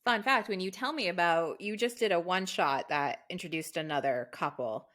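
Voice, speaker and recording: A woman's voice: on the low side, normal speed, fairly bright tone. A young woman co-hosting a podcast in casual chat, teasing her co-host with dry questions.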